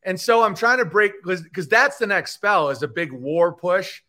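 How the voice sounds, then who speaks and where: Male comedian guest, high bright voice, profane fast-shifting rant with mock voices. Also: animated. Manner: ranting, profane, jumps into mocking put-on voices. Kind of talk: animated podcast chat with comic bits.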